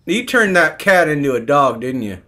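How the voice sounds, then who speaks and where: A man's voice: fairly high pitch, big pitch swings, normal speed, bright, forceful tone. A man doing an impression of a bossy older male TV psychologist who prods and mocks the other man, repeating his name. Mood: needling. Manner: prodding, mocking, repeats the other man's name.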